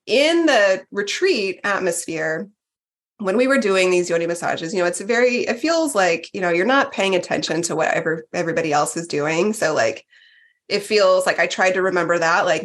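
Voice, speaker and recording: A woman in her forties appears as a podcast guest, describing her retreat experience in a candid, chatty way with lots of fillers and restarts. Her voice is lowish and a bit bright.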